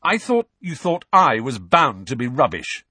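A man's voice: medium pitch, big pitch swings, measured pace, pushed and bright, slightly rough, no echo, pitched above the performer's own voice, heavily acted. A man voicing a touchy, sulky teenage schoolboy who talks curtly and grumbles, in an audiobook. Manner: curt, grumbling.

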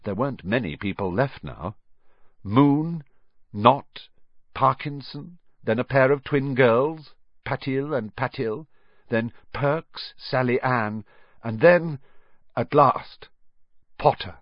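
A man narrates a storybook with a husky voice and a lively, wide-ranging pitch. The sound is dry and close, with a dull, lo-fi quality. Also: slow pace, no room sound. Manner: animated storytelling with voiced characters. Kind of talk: audiobook narration.

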